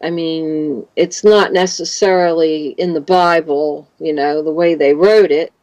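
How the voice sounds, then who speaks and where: A woman from Canada in her fifties, a guest in an interview, telling rambling, animated stories. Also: sits low, a little slow, muffled recording. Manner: rambling, animated storytelling with laughs. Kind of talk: casual interview.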